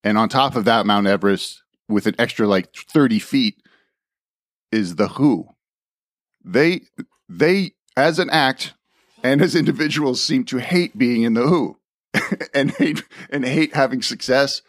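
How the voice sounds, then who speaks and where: A man's voice: medium pitch, expressive, measured pace, dry recording, studio quality. A man co-hosting a podcast remotely, rambling through a topic with wry humor. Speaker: podcast co-host. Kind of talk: casual comedic chat. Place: calling in remotely.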